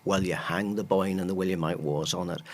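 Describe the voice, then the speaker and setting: A man's voice: low voice, steady tone, fairly quick. A man, a historian guest explaining history with enthusiastic, rambling asides. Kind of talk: casual chat, explaining history.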